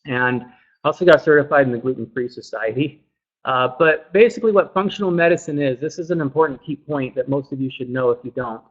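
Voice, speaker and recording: A man's voice: mid-range voice, a little fast. A man, a functional medicine practitioner, giving an earnest webinar presentation and often repeating words as he goes. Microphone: laptop microphone. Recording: dull lo-fi laptop audio.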